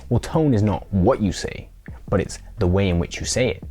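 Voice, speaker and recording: A man with a dark, low-ish voice presents a scripted tutorial at a moderate pace, with faint music behind him. His delivery is playful, and now and then he acts out little mock conversations.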